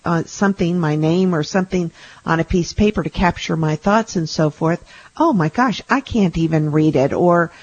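In a radio interview, the host chats at length, regularly framing remarks as leading questions that end in tags. The voice is mid-range, husky, and darkish, and the audio is somewhat dull and lo-fi.

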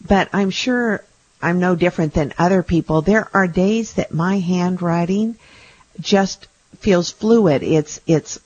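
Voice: mid-range voice, measured pace. A radio host talks at length in a chatty way and often turns statements into leading tag questions. The recording is a bit dull and lo-fi. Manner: chatty, asks leading questions ending in tags. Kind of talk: radio interview.

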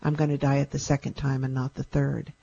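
A woman tells her own story in a warm, somewhat breathy voice, earnest and reflective, with touches of dry humor. The recording sounds a bit muffled and lo-fi. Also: extremely low pitch, flat delivery, a little fast. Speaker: storyteller recounting a near-death experience. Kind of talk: personal storytelling.

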